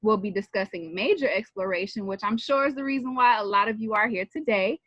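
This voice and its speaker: A woman's voice: medium pitch, brisk, a bit bright, dry recording. A woman presenting on a video call, walking students through a colloquium agenda in a friendly, chatty way with frequent ums. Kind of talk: casual presentation. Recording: dry, muffled video-call audio.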